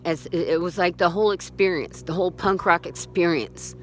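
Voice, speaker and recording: A woman's voice: fairly low pitch, brisk, hardly any pauses, a little hiss or hum. A woman telling her own story in an unscripted way, blunt and profane, agitated and indignant, often restarting her sentences. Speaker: storyteller recounting own experience. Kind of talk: unscripted personal account.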